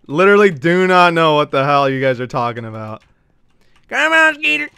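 A man's voice: on the high side, lively intonation, a little fast, a bit bright, clear, resonant tone, dry recording, studio quality. A man streaming a game, talking to his chat in a brash, teasing and profane way. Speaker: gaming streamer. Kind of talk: casual live-stream chat.

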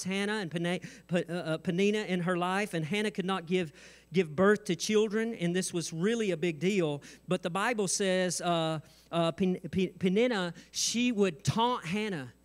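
A man's voice: sits high, clean tone. A man pastor preaching a sermon on stage, mixing humor and asides with mounting intensity. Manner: jokes and asides, rising intensity. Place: church stage.

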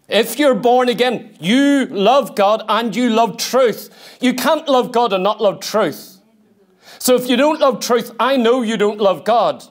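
High-voiced man preaching emphatically. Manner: emphatic, asks the congregation direct questions. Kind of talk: sermon. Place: church.

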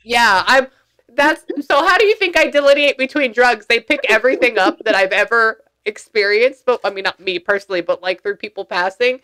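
A woman working as a spiritual medium in a reading session, lively and often stopping to listen before she retells what she hears. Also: on the high side, a little fast.

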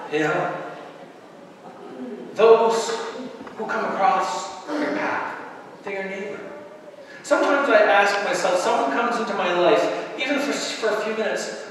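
A man from the Canadian Maritimes preaching a sermon as pastor, animated and often laughing and acting out voices. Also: sits high. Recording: echoey hall, speaker far from the mic, faint noise.

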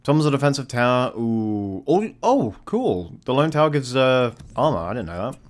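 A man giving casual let's-play commentary on a strategy game, excitable and swearing often, with frequent sudden exclamations. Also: mid-range voice, moderate pace. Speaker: gameplay commentator.

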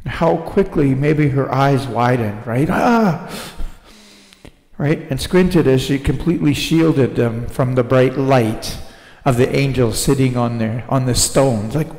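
A man preaching to his congregation, slow and deliberate, drawing listeners in with rhetorical "right?" asides as he prays and retells scripture. His voice rings through a church sanctuary with a long, roomy reverb. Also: medium pitch, darkish tone. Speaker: pastor. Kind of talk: sermon.

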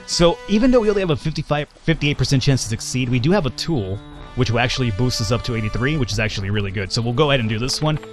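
Male gaming host, chatty and playful, talks over faint game music, mid-pitched voice. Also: expressive, very fast. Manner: jokey, chatty, reads game text aloud. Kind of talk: casual let's-play commentary.

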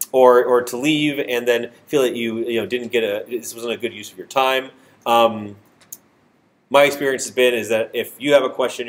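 A man with a nasal voice giving a university programming lecture in a classroom, talking informally with many fillers and self-deprecating asides. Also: medium pitch. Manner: filler-heavy, self-deprecating, restarts often. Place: classroom with hard walls.

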